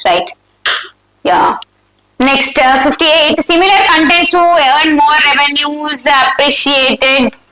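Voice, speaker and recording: A woman with an Indian English accent and a high voice runs a live exam review. She reads the options aloud, asks her students for the answer and confirms it. Her voice rings in an echoey room. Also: bright, forceful tone, a little hiss or hum. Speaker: exam prep teacher.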